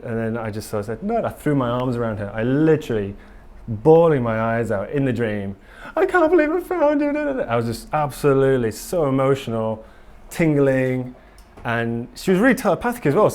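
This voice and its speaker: Man, conference talk, enthusiastic, rambling, middle pitch. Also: darkish tone. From England. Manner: candid, enthusiastic, rambling with many ums. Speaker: conference speaker. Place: conference hall.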